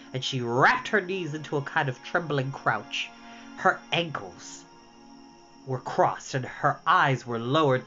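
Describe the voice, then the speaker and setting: A storyteller in their thirties reads a novel aloud, the voice rising and falling in lively sweeps. The recording is dull and lo-fi, with faint music playing underneath. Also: medium pitch. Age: 30s. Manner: lively, expressive reading. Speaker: storytime reader.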